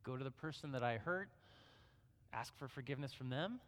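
Middle-aged male pastor, bright voice, relaxed chatty sermon delivery, long reverb in the room. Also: medium pitch, a little fast. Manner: conversational preaching, frequent "right?" asides.

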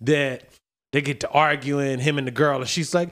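A man's voice: fairly high pitch, expressive, a little fast. A man in his thirties co-hosting a podcast, chatting casually, laughing often and acting out voices in his stories. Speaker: podcast co-host. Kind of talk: casual chat.

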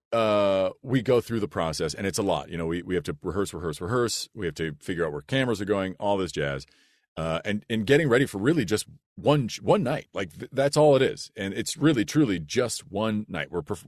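Deep-voiced man telling a funny story. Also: no room sound, studio quality. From United States. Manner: animated, laughs through the story. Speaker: podcast guest, actor. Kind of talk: casual storytelling.

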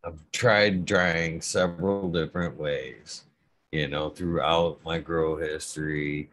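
A man's voice: rumbling low, fairly even intonation, slow pace, a bit bright. A middle-aged man talking casually about growing, rambling and stuttering, with frequent swearing. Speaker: cannabis grower guest. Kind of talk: casual podcast conversation.

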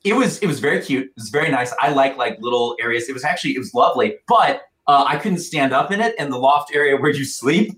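A man's voice: mid-range voice, expressive, quick pace, few pauses, a bit bright, reverberant. A man co-hosting a podcast in casual chat, self-mocking and laughing often as he talks. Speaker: podcast co-host.

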